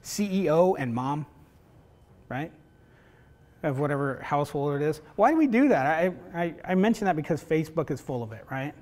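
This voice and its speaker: A man's voice: on the high side, lively intonation, normal speed, a little mellow. A middle-aged man lecturing a class in a conversational way, often asking "right?" and acting out family stories. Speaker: university professor teaching facilitators.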